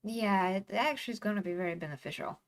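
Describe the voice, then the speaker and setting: A woman's voice: medium pitch, lively intonation, fast talker. A woman hosting a casual livestream, chatting and reading posts aloud with a sarcastic edge. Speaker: streamer host.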